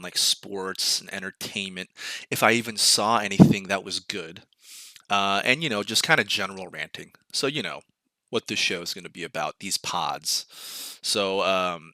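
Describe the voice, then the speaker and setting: A man's voice: sits low, pushed and bright, no echo. A young man hosting a casual podcast, laid-back and jokey, rambling in an easygoing way. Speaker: podcast host.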